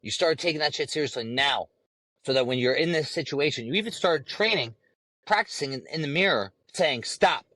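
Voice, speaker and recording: A man ranting on his podcast, swearing freely and lecturing with rising heat. His voice sits a little high for a man. The sound is dry and close, with no room echo. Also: animated, a little fast, sharp tone. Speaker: podcast host. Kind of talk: profane ranting monologue.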